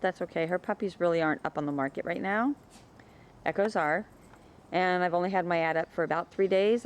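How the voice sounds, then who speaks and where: Lowish voiced woman chatting about her dogs outside, faint hiss in the background. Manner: chatty, calls out to dogs in a high sing-song. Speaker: dog breeder. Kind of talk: casual home video narration. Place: outdoors in a yard with dogs.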